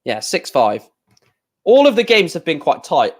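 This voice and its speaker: A man's voice: on the high side, huge pitch swings, unhurried. A young man hosting a livestream watchalong, giving casual running commentary on darts with chatty, opinionated and grumbling asides.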